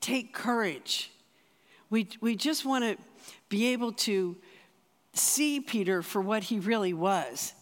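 A spiritual director giving a conversational, earnest sermon, often restarting phrases and slowing for emphasis. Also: medium pitch. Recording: long reverb of a large hall.

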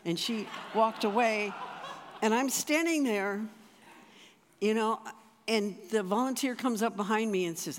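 A speaker at a church or retreat delivers a sermon through a personal story, using an unhurried, medium-pitched voice. The talk is conversational and full of restarts, and the hall adds noticeable reverb.

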